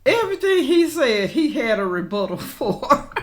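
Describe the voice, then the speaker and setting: A woman's voice: high voice, normal speed. A woman hosting a reaction channel, commenting casually and talking straight to her viewers. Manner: animated, talks straight to viewers as "y'all".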